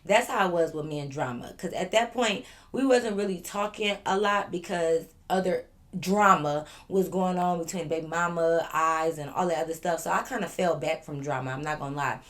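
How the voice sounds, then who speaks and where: Chatty woman with a lowish voice. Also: moderate pace. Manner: chatty, addresses viewers directly, lively asides. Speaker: vlogger. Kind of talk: casual storytime to viewers. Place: living room at home.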